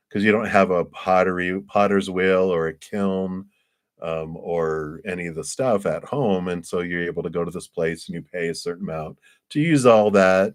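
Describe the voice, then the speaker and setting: A man giving live tarot readings, chatty and animated, who acts out little scenes in high voices and often laughs. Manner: frequent laughs and fillers. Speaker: tarot reader.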